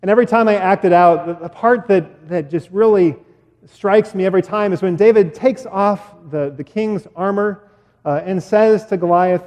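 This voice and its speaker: A pastor retelling a story in a sermon, animated and acting out sound effects, with fillers along the way. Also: male voice, sits high, normal speed. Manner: animated, acts out sounds and voices. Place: church. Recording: echoey church hall.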